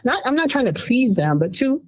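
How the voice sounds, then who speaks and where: A woman in her fifties calling in anonymously, telling her story in an animated, rambling way and acting out what others said. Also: a little high, fairly quick, lo-fi sound. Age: 50s. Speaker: anonymous caller. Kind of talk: casual storytelling.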